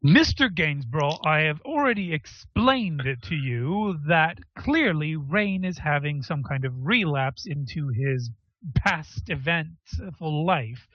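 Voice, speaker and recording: A stern, pompous therapist who clips his words and sounds indignant at every challenge, as a man puts him on. The voice sits a little high and comes through dry, dull, lo-fi voice chat audio. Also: animated, slow pace, dry recording. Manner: clipped, indignant, commanding.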